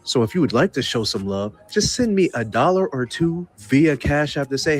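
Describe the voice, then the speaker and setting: A man telling a story casually on his channel, rambling and animated, then reading out a poem. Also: mid-range voice, brisk, few pauses. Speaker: YouTuber.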